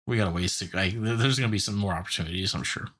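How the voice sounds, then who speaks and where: A young man with a low, slightly husky voice co-hosts a casual podcast. He retells a cartoon episode in an animated, rambling way, full of filler words. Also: rapid-fire. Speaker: podcast co-host.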